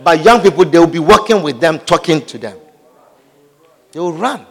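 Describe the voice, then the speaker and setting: A man preaching a sermon in a lively, humorous way, acting out little scenes, repeating phrases and often asking whether his listeners understand. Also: fairly high pitch, normal speed, creaky, slightly rough. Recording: long hall reverb.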